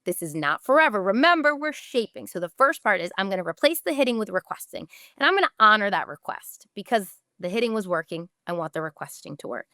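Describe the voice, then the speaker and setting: A woman's voice: medium pitch, sing-song, quick pace, few pauses, bright, forceful tone, no room sound, studio quality. Emphatic woman giving parenting advice. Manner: emphatic and direct, acts out short parent and child quotes. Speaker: parenting podcast host.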